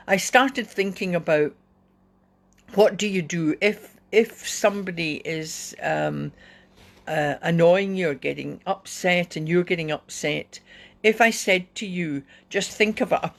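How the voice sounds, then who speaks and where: A woman hosting a casual livestream talk, gentle and encouraging, with many small fillers. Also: fairly low pitch, takes it slowly, vocal fry. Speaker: self-help host. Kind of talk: casual facebook live talk.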